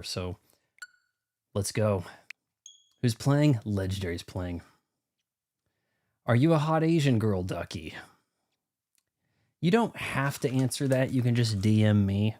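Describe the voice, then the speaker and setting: A man's voice: on the low side, expressive, measured pace, long pauses, darkish tone. A young man streaming a video game live, chatting casually with viewers in a rambling, self-mocking way. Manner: rambling, self-deprecating, talks to chat.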